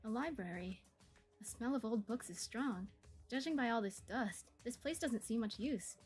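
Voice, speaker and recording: A woman reading the lines of a calm, dry young female protagonist from a game, in an even, matter-of-fact way. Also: on the high side, moderate pace, soft background music, natural voice. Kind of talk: reading game dialogue aloud.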